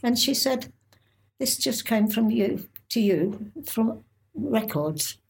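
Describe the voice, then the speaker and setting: An older woman recounts her memories in a halting, stop-start way, often breaking off and starting again. Her voice sits a little high for a woman and has a gravelly, creaky edge. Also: lively intonation. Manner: halting, with many restarts and pauses. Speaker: interviewee. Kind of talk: oral history recollection.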